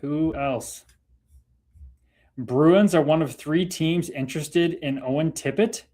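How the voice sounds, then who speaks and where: A man's voice: on the high side, takes it slowly, mellow. Upbeat chatty Canadian man. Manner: laid-back, chatty, laughs often, talks to viewers by name. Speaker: livestream host. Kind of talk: casual livestream chat reading comments.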